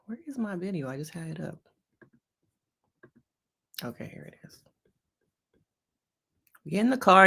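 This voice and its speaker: A woman's voice: mid-range voice, sing-song, normal speed, pauses often, bright, forceful tone. A woman, a licensed therapist, giving casual reaction commentary on a reality show, talking straight to her viewers in a chatty, slangy, playful way.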